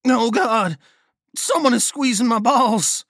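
A man doing a loud, swearing young soldier. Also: high-pitched, unhurried, no echo, clean studio sound, voice pushed up. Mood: pained. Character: young male soldier, foul-mouthed and joking.

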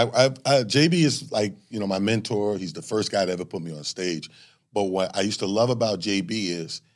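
A man in his forties, a stand-up comedian, chatting in an interview and acting out voices as he tells stories. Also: on the low side. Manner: animated storytelling, acts out voices. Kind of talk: casual interview chat.

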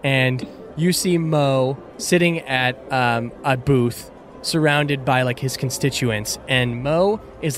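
A game master narrating a tabletop game in a casual, chatty way, with frequent fillers. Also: mid-range voice.

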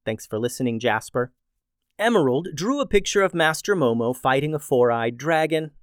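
A man hosting a children's story podcast and narrating in a friendly, expressive way. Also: mid-range voice, normal speed, dry recording, studio quality.

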